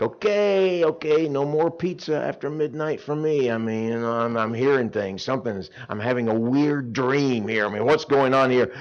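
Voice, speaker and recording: A middle-aged man preaching an animated sermon to teenagers at a camp, telling stories with acted-out voices and swinging between loud and hushed. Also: mid-range voice, highs cut off. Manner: dramatic storytelling, acts out characters, swings between loud and hushed. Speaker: camp speaker.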